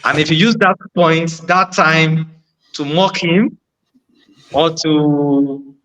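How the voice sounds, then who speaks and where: A man's voice: fairly high pitch, steady tone, slow, a bit bright, lo-fi sound. A man on a discussion panel, making his point earnestly and often repeating phrases. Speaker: panel guest.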